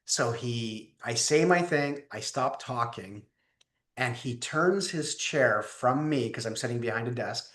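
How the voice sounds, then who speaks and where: A man's voice: medium pitch, measured pace. Storytelling man in a roomy echo. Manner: animated, acts out voices in his stories. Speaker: guest leadership teacher. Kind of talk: conversational storytelling.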